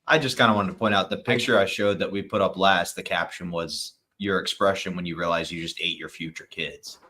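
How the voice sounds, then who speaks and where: A man co-hosting a comedy podcast, throwing in dry, deadpan asides. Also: low voice, brisk. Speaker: podcast co-host. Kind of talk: comedic banter.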